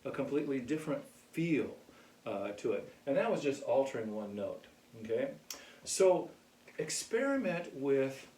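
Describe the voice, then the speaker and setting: Relaxed man teaching music, echoey room. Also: mid-range voice. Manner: relaxed, keeps checking in with "okay?". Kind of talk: casual music lesson. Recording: echoey room, mic far off.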